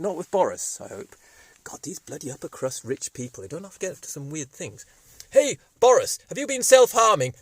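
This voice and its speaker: A man's voice: a little high, sing-song, a little fast, no room sound. A man around 60, a vlogger telling wry, rambling stories and jokes. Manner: jokey, digressive, wry. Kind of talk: rambling storytelling monologue.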